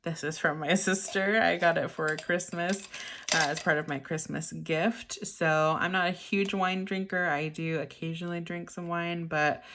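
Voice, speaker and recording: A young woman chatting casually to camera at her home desk, laughing often and filling pauses with ums. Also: lowish voice, fairly even intonation, fairly bright tone, a little hiss or hum. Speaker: budgeting vlogger. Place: home desk in craft room.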